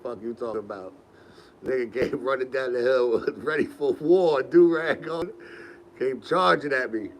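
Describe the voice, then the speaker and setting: A man's voice: mid-range voice, measured pace, slight background noise, low-quality recording. A young man, hosting a podcast and telling rambling, laid-back stories with laughs. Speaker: podcast host. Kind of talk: casual storytelling.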